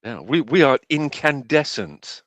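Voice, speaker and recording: Brief: British male co-host, lively pitch, dry close sound, dry wit. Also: no echo. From Britain. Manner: dry, halting, with fillers. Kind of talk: casual chat.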